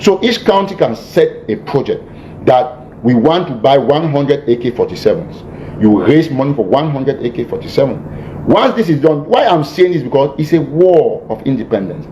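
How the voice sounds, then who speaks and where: A man giving an emphatic, repetitive lecture-style address to followers, stumbling and restarting often. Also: dark tone. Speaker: militant leader addressing followers. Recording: muffled archive clip with faint rumble.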